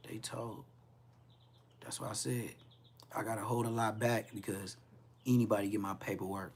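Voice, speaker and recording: A man's voice: on the low side, level tone, moderate pace, slight background noise. A man casually telling a personal story on a podcast, laid-back and heavy on slang, acting out the people he quotes. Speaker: podcast host.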